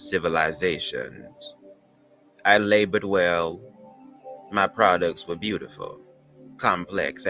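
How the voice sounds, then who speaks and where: A man's voice: deep voice, bright, forceful tone, heavily acted. Man doing a stately Southern lady poet. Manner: slow, measured, dramatic recitation. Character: stately older woman poet reading solemnly. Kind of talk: dramatic poem reading.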